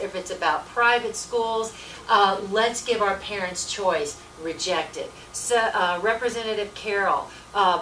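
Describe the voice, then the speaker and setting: A woman's voice: medium pitch, fairly bright tone. Woman volunteer giving a punchy, folksy talk to a meeting, recorded from a distance in a roomy space. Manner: emphatic, folksy, repetitive "let me tell you". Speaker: volunteer speaker at a political meeting. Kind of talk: informal political presentation. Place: meeting room. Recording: echoey room, distant mic, faint hiss.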